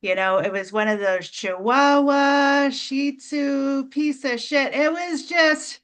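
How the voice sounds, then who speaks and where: A woman hosting an online comedy show, doing a deadpan stand-up set full of fillers and restarts. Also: high-pitched, slow pace. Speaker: comedy host. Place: video call.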